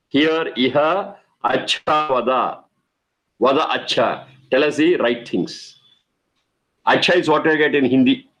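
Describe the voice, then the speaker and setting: A man's voice: a little high, rough recording. A middle-aged man, teaching a lecture on Vedic mantras, explaining patiently and repeating key phrases.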